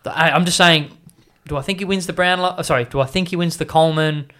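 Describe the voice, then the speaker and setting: A man's voice: on the high side, fast, bright, forceful tone. A man with an Australian accent in a casual sports podcast chat, blunt and swearing freely. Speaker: podcast co-host.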